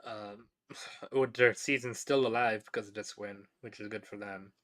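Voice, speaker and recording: A man hosts a relaxed sports podcast from home, rambling through recaps with frequent fillers and false starts. His voice sits a touch low in pitch yet has a bright, forward edge to it. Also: normal speed. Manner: rambling, many fillers and restarts. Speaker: podcast host. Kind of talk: casual sports talk.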